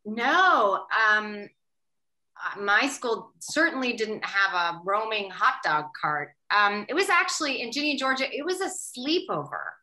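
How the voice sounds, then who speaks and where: A woman from Canada, a guest in a casual interview, telling stories in an animated way and laughing often. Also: mid-range voice, a little slow, poor audio. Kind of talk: casual chat.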